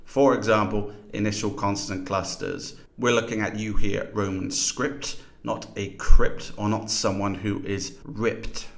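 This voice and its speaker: A man's voice: on the low side, fairly even intonation, a little slow, vocal fry, few pauses. A man teaching a lesson in scripted narration, explaining terms and demonstrating pronunciations aloud.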